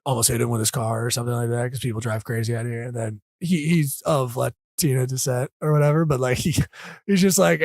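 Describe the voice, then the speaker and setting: A man's voice: medium pitch, fairly quick, a little mellow, no room sound. A man co-hosting a podcast in casual chat, dry and sarcastic, teasing his friend. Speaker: podcast co-host.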